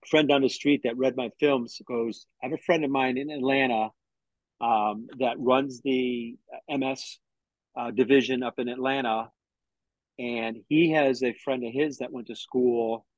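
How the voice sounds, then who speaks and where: A man's voice: mid-range voice, steady tone, measured pace, no room sound, low-quality recording. A middle-aged man telling a personal story in an interview, acting out what others said to him and often restarting his sentences. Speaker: interview guest.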